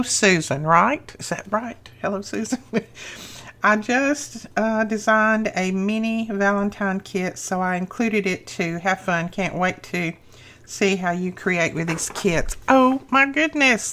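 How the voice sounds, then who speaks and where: A middle-aged woman hosting a crafting channel, gushing over happy mail she unboxes in a slow, lingering way. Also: medium pitch, fairly bright tone. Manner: gushing, effusive.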